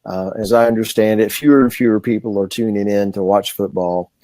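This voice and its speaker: Low-voiced deliberate man co-host. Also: fairly even intonation, mellow, no echo. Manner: measured, deliberate, folksy. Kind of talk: casual political talk show chat.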